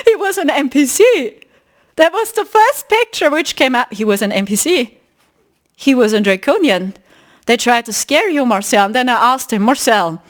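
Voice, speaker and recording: High, lively woman telling a story. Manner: animated, emphatic, retelling a story. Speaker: podcast host. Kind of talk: casual spiritual storytelling.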